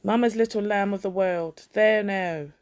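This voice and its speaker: A woman reading a story, voicing a frantic, protective young mother who coos softly to her crying baby. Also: mid-range voice, unhurried, clean tone, close to an everyday voice. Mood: cooing.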